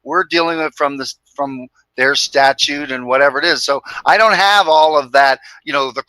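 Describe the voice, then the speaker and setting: A man guesting on a talk show speaks in a raised, bright voice, calm and plain. He hesitates often and fills the gaps with filler words. The sound is dry and close. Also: on the high side, moderate pace, no room sound, low-quality recording. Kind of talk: casual interview chat.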